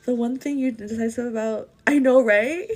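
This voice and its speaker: Woman, 30s, husky voice, chatty livestream host doing makeup and answering viewer comments. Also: fairly high pitch, normal speed, a little mellow. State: pregnant with twins. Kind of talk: casual livestream chat while doing makeup.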